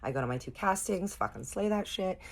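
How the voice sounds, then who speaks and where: A young woman vlogger telling a storytime tale in an animated, profane way, talking straight to her viewers. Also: mid-range voice, a little fast, gravelly. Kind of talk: casual storytime.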